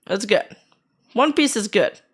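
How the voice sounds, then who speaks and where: A woman's voice: medium pitch, expressive, unhurried, breathy edge. A woman streamer chatting casually while reacting to videos, her voice sore after being sick and her talk laid-back with casual swearing.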